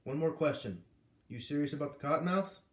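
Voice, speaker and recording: A man doing a steady, level-headed cop. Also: on the high side, brisk, close to an everyday voice. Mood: firm. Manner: level, matter-of-fact. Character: calm, steady male police officer. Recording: roomy echo.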